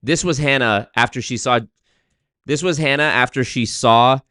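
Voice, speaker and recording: A man reacts to a clip in a mocking, profane way, breaking into laughs and repeating lines to make fun of them. His voice is mid-pitched and recorded dry and close, with no room sound. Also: moderate pace, bright, forceful tone, clean tone, no room sound. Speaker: commentary host. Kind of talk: reaction commentary.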